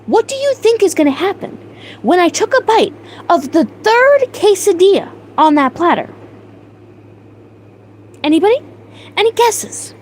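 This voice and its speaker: A young woman hosting a livestream, telling a story in a casual, animated way with mock outrage and laughter, answering her chat. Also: very high voice, measured pace, pauses often, a little hiss or hum, rough recording. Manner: animated, exaggerated outrage, laughing, reads chat names aloud. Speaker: livestream host.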